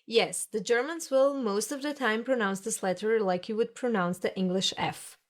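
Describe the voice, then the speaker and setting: A woman's voice: fairly high pitch, normal speed. Patient woman teaching pronunciation. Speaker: language teacher. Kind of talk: scripted lesson narration.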